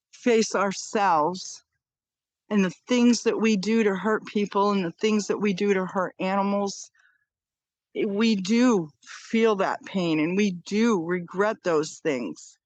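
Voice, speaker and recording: An older woman tells a deeply personal story in an earnest, animated way, circling back and repeating phrases for emphasis. Her voice sits at an ordinary middle pitch, recorded dry and close. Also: dry recording. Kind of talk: personal near-death story.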